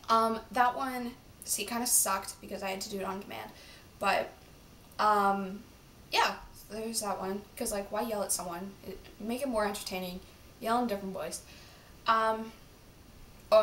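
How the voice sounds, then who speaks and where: A woman's voice: mid-range voice, moderate pace, a bit bright, slight background noise. Chatty teen girl, rambling vlog talk. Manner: rambling, filler-heavy and chatty. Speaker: vlogger. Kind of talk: casual vlog chat. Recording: roomy, from a distance.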